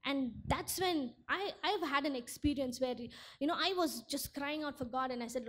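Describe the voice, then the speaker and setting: A woman's voice: sits high, normal speed, fairly bright tone. A young woman giving an earnest sermon testimony at church, often repeating words as she searches for them. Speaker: church speaker.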